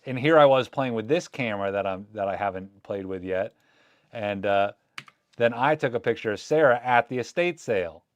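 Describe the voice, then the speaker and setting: A man's voice: on the low side, animated, moderate pace, no room sound. Chatty man commenting live on film scans. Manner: chatty, joking, thinking aloud. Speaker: photography vlogger. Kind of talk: casual live commentary while scanning film.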